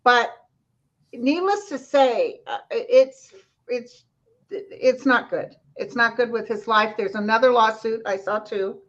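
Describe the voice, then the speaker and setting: A woman's voice: a little high, animated, slow pace, a bit bright. A woman joining a casual chat as guest psychic over a video call, talking in rambling, trailing sentences. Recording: dull lo-fi call audio.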